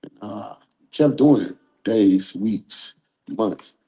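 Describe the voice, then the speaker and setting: Speaking very slowly, a male interview guest with a mellow, warm, fairly low voice talks openly and earnestly in a casual setting. He tends to ramble a little, circling back with fillers.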